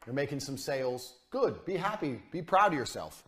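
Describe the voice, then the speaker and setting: A man's voice: mid-range voice, big pitch swings, normal speed, a bit bright. Blunt, profane man lecturing on business. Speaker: business coach.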